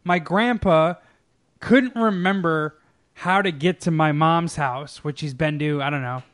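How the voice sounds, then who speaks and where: A man's voice: on the high side, a little slow, a bit bright. A young man chatting casually with a friend, telling a rambling, profane story and laughing often. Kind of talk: casual chat.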